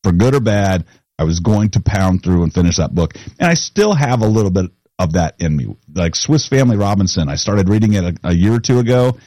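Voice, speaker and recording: Low-voiced man podcast host, lively and husky, dry sound. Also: a little fast, dry recording. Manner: animated, self-interrupting. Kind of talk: casual chat.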